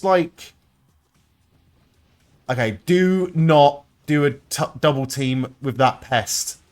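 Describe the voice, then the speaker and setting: Young male streamer, live gameplay commentary; swears freely, sarcastic, bouncy and animated in pitch. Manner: excitable, swears often, sarcastic asides.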